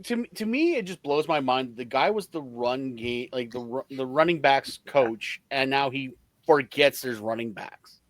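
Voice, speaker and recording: A man co-hosting a podcast, chatting casually about football. He sounds animated and exasperated and laughs easily. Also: medium pitch, unhurried, no room sound. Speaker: podcast co-host. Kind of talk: casual sports chat.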